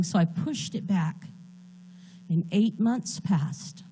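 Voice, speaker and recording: Slow, mellow-voiced woman giving testimony. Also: mid-range voice, slight background noise. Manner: earnest, halting, holding back tears. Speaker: church member giving testimony. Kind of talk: personal testimony. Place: church.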